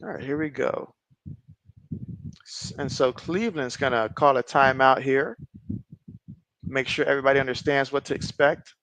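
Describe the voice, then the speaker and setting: A man hosting a livestream and giving excitable play-by-play commentary as he watches a football game, reading viewer comments aloud between plays. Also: moderate pace, long pauses, no echo. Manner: excitable, gets louder and higher during plays; reads viewer chat aloud. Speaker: livestream host.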